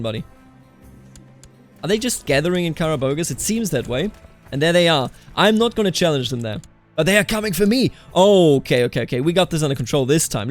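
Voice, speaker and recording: A chatty man, his voice sitting a little high, talks his way through a strategy game. He speaks straight to the on-screen characters as he plays. Faint game music runs underneath. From Germany. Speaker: let's play host. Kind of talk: casual game commentary.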